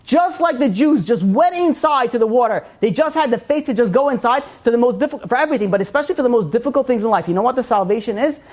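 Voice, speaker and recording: Fast-talking rabbi teaching a class. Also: male voice, very high-pitched. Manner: animated storyteller, many "you know" fillers. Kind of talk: informal Torah class.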